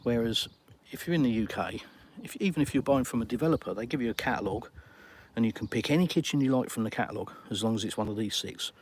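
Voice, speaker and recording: A man's voice: mid-range voice, quick pace. Englishman, middle-aged, casual live-stream chat, matey tone, faint background hiss. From England. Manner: chatty and matey, calls viewers mate.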